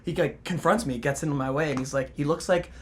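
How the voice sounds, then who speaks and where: A man's voice: fairly high pitch, a little fast, slight background noise. A young man, a band member telling a rambling tour story full of "like" and laughter. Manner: laughing, rambling with many likes. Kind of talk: casual storytelling.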